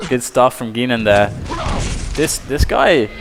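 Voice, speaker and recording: A man casting a live esports match, excitable and loud at big plays. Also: medium pitch, unhurried, vocal fry, music in the background. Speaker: esports caster. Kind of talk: live game commentary.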